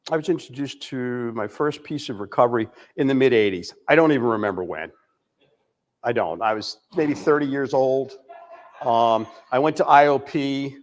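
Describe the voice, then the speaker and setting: Older man sharing his recovery story. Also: mid-range voice. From United States. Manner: candid, storytelling, many "um"s. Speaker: recovery speaker. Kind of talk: recovery testimony talk.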